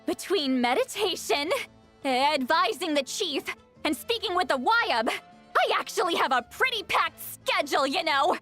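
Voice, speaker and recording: A drunk, grouchy ageless shaman granny in a game, slurring through gruff, self-pitying rants. Her voice sits high and swings widely as she drawls along slowly, with soft game music underneath. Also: expressive, exaggerated voice. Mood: gruff, ranting. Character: tipsy, grumpy ageless female shaman granny.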